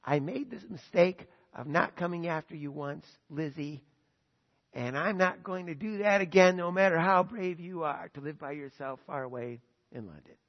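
A man's voice: on the high side, normal speed, natural voice. A man quoting a regretful father who earnestly vows not to repeat a mistake. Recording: dull sound, long hall reverb.

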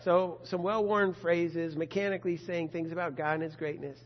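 Man preaching, high voice, husky, earnest and emphatic, long hall echo. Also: steady tone, normal speed. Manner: earnest, builds to emphatic bursts, reads quotes aloud. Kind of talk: sermon. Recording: dull long-reverb hall sound.

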